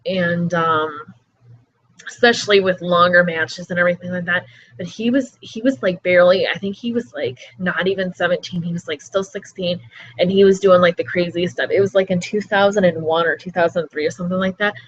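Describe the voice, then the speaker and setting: A woman's voice: fairly low pitch, steady tone, fairly quick, no echo. A woman hosting a wrestling show, casually recapping an interview in a rambling way, full of fillers. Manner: rambling, with many fillers like "everything like that". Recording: slightly dull lo-fi audio.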